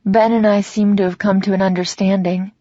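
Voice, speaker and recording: A woman narrating a first-person romance audiobook in a measured, reflective way. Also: mid-range voice, little pitch movement, mellow, no echo, dull audio.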